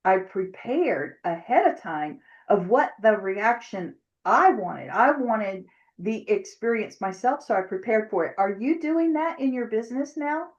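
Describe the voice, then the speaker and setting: A middle-aged woman giving an emphatic motivational talk to her network marketing team. She coaches and acts out imagined conversations. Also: on the high side. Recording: dull lo-fi recording.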